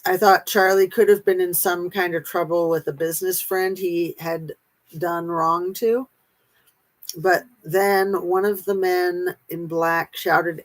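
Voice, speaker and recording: A woman reading a memoir aloud in a steady, unhurried way, pausing now and then. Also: lowish voice, low-quality recording.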